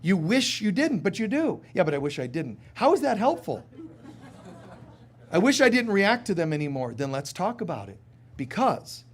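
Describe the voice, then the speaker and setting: A man preaching a live sermon with a slightly raised pitch. He talks to the congregation like friends, joking and acting out quick little voices. On serious points he goes soft and quiet. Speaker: spiritual teacher.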